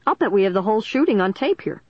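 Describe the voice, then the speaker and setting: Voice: mid-range voice, very animated, quick pace, husky, no echo, muffled recording, voice pushed up. A reader voicing a male police officer who speaks in an urgent, raised voice.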